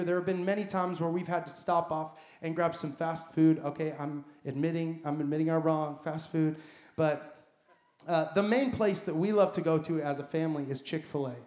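A pastor with a little high, slightly mellow voice delivers an emphatic sermon in the church sanctuary, piling up repeated phrases to drive points home. The hall echoes.

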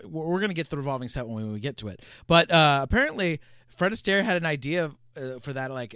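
A man's voice: mid-range voice, a bit bright, no echo, studio quality. A man co-hosting a film podcast, talking casually with many filler words. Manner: chatty, many "like" and "you know" fillers. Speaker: podcast co-host.

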